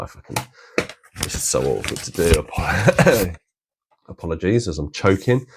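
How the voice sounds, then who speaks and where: Very deep-voiced man chatting. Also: background noise. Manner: rambling with many restarts. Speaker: collector vlogger. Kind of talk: casual vlog chat.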